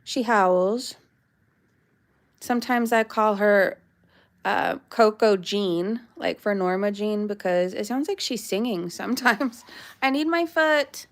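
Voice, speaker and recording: A woman's voice: mid-range voice, takes it slowly. A woman vlogging live from her backyard, chatting in a meandering way and breaking off to scold her dog. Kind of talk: casual rambling chat. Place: backyard, outdoors.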